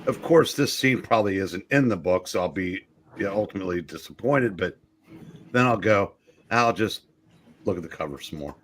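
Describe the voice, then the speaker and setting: A man's voice: low voice, animated, moderate pace, slight background noise. A man in a casual chat, making dry jokes.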